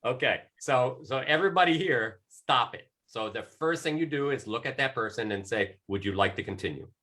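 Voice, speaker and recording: A man's voice: medium pitch, animated, brisk, sharp tone. A middle-aged man coaching on a panel in casual talk, rambling with many restarts and fillers.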